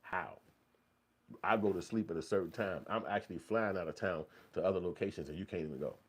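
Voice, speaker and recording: A man's voice: deep voice, fairly quick. A man giving heated, profanity-laden commentary in a blunt, repetitive rant.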